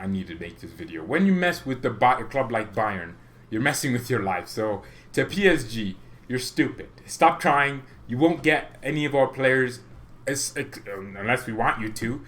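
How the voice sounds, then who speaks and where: A young man hosting a football fan channel, ranting casually to camera in an animated, mock-menacing way and chuckling between points. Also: medium pitch.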